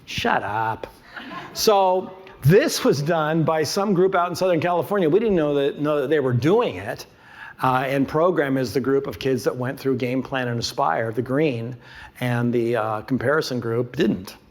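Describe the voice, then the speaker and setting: A man's voice: medium pitch, moderate pace. A man presenting a curriculum to an audience. He talks emphatically, repeats his key points and asks rhetorical questions. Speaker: conference speaker presenting a curriculum.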